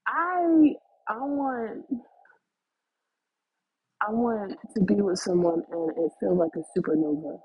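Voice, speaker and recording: A young woman in her twenties talking casually to her viewers in a loose, animated ramble, swearing freely and calling them y'all, a little stuffy with the sniffles. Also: medium pitch, takes it slowly, long pauses, breathy edge, poor audio. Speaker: vlogger.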